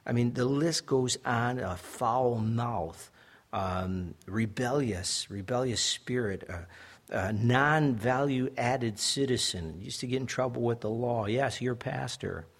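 A young adult man preaches a sermon with a husky, slightly breathy voice. He talks earnestly and pushes up into loud, emphatic stretches. His pitch sits in the ordinary middle for a man. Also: slow pace. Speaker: pastor.

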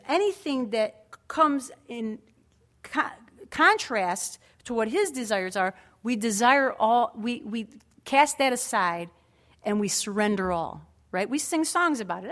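A woman's voice: a little high, very animated, unhurried, fairly bright tone. A woman preaching a sermon in an earnest, emphatic way, with conversational asides to the congregation.

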